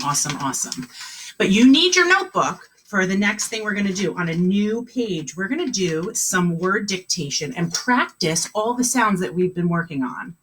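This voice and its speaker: A woman teaching an online kindergarten class, sounding words out slowly and encouraging the children. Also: mid-range voice, a bit bright, a little hiss or hum.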